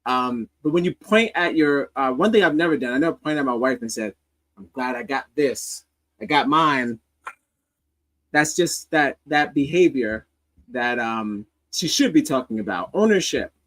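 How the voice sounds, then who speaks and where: A man's voice: mid-range voice, expressive, moderate pace, fairly bright tone, poor audio. A man hosting a casual commentary stream, reacting to social media clips in a rambling, sardonic way with many restarts.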